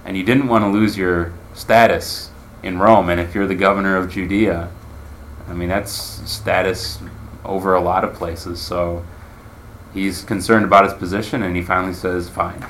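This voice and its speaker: A man's voice: sits low, little pitch movement, moderate pace, a bit bright, slight background noise. A man teaching a Bible class in a conversational way, asking his listeners questions as he explains.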